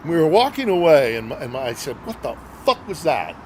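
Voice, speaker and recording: A man's voice: a little high, very animated, a little fast. Middle-aged guy telling a story, lots of uhs, earnest, traffic going by outside. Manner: hesitant with many fillers, earnest and emotional. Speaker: guest journalist. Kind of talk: casual storytelling.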